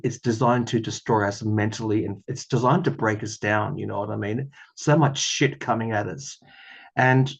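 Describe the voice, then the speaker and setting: In a tarot reading vlog, a tarot reader with a fairly low, darkish voice talks casually, rambling and earnest and often laughing at himself. The recording sounds muffled.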